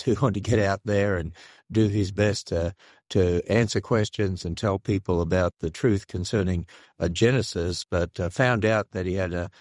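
An older man with an Australian accent, speaking earnestly and haltingly as a radio interview guest. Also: sits low, dry recording, studio quality. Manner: earnest, measured, halting with restarts. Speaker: guest, creationist ministry leader.

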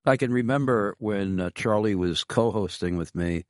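A man's voice: on the low side, normal speed, a little mellow, no echo, clean studio sound. A man with an American accent hosting a radio interview in a jovial, chuckling way. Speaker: radio show host.

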